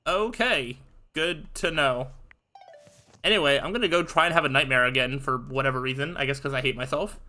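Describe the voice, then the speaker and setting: A man's voice: medium pitch, a little fast, pushed and bright. A man giving casual, curious let's-play commentary, full of fillers and amused asides. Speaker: gameplay streamer.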